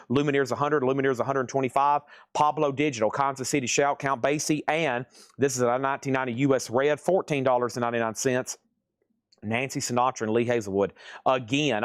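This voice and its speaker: A man hosting a live-streamed record sale, rattling off titles, prices and conditions in quick auction patter. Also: mid-range voice, no echo, studio quality. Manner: rapid-fire listing of prices and conditions.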